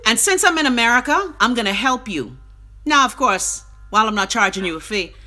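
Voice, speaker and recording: Bright-voiced Bahamian woman rambling on a live stream. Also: on the high side, lively intonation, brisk, faint music behind. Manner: rambling, salty and profane. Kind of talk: casual live-stream chat.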